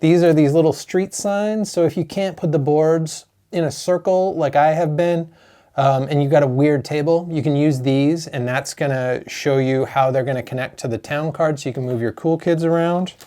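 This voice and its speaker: A man, a board game designer chatting excitedly through an unboxing of his own game, openly emotional. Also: fairly high pitch, normal speed. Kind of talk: unboxing vlog.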